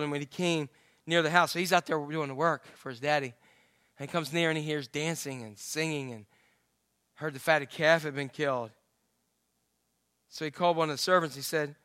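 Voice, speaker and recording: A middle-aged man preaching a sermon, telling the story with lively acted-out voices and humor. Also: a little high, normal speed, smooth, dry recording, clean studio sound. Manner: animated storytelling, acts out the father's voice. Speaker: pastor.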